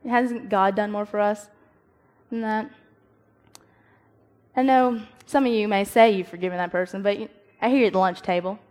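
In a casual youth-group devotional, a young woman with a medium pitch speaks animatedly. She voices the people she quotes and laughs at herself along the way.

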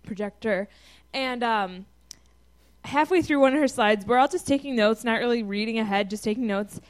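A young woman student telling a funny class story, giggly and animated. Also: on the high side. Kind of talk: casual storytelling.

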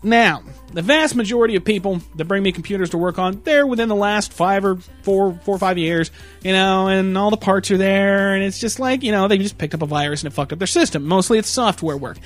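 Young man, high voice, profane exasperated rant, faint music behind. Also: fairly quick. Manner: crude, exasperated, swears a lot, laughs mid-sentence; mocks customers in a shrill put-on voice. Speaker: computer repair guy ranting.

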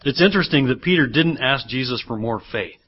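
A man's voice: mid-range voice, animated, fairly quick, slightly rough. A man preaching a sermon as pastor, switching between teaching and acting out the people in the reading. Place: church. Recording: dull lo-fi sermon recording.

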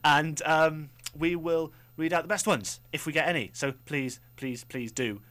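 A man's voice: fairly high pitch, a little slow, fairly bright tone. Young man joking around on student radio. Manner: jokey, rambling, self-mocking. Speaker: radio co-host. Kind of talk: casual student radio banter. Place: radio studio.

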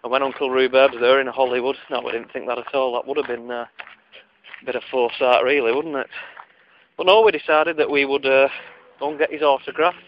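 A man's voice: medium pitch, level tone, brisk, slight background noise. A man with a mid-range voice spinning a funny childhood tale, wry and prone to wandering off on tangents while poking fun at himself. the recording sounds a little dull and lo-fi. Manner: wry, digressive, self-mocking. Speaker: storyteller. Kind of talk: casual comic storytelling.

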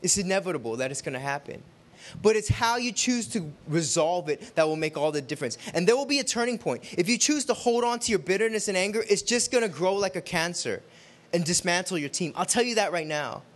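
A man with a fairly high voice delivers a sermon built around a personal story. He talks in a chatty, animated way, slipping into the voices of the people he quotes. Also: fairly quick. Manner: animated, conversational, acts out quotes. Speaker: preacher.

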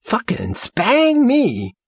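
A man's voice: a little high, wildly swooping pitch, slow, fairly bright tone, slightly rough, no room sound, studio quality, pitched above the performer's own voice, heavily acted. A man voicing a fierce, wary young woman scavenger in an audiobook, barking blunt, clipped slang.

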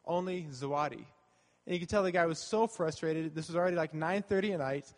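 A man with a high voice preaches in an earnest, conversational way, going back over his main points. His voice carries a long reverb from a church hall. He sounds like a pastor talking straight to his congregation. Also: fast talker. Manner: earnest and conversational, repeating key phrases. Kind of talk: sermon.

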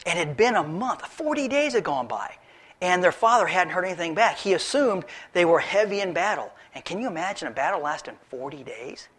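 Guy preaching, lively story-style sermon, voice a bit high. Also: fairly quick, husky. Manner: animated storytelling, acts out characters. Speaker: pastor.

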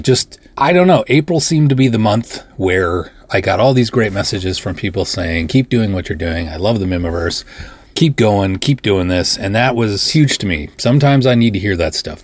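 A man's voice: low voice, husky, no room sound. A middle-aged man hosting a podcast, talking casually in a self-deprecating, joking way. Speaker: podcast host. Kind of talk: casual monologue.

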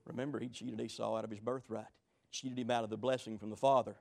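A man preaching a sermon, telling stories dramatically, swinging between shouting and low murmurs. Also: steady tone, fast talker, vocal fry.

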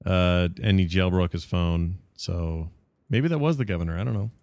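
A podcast host with a lowish voice, recorded close and dry with no room sound. He rambles along in a joking way, full of quick asides. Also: darkish tone, dry recording. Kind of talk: casual chat.

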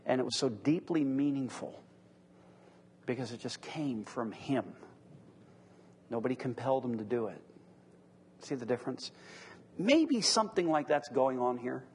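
Husky-voiced man leading a church class. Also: mid-range voice, expressive, normal speed, pauses often, big-room sound. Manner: rhetorical questioning, earnest. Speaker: class teacher.

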